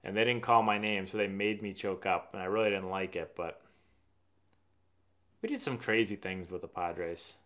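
A man from Massachusetts hosts a casual live stream, answering viewer questions as a rambling, chatty storyteller who often restarts his sentences. His voice is low and a bit bright, at a normal speed.

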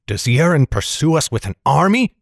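A man voicing a wary male mage who speaks in a measured, grave way, in an audiobook reading. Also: lowish voice, dry recording, studio quality, natural voice. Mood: angry.

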